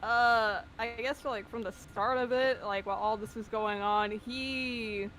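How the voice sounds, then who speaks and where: A woman's voice: a little high, fairly even intonation, unhurried, a bit bright, slight background noise. A woman player in a tabletop game describing her character's actions hesitantly, with many fillers.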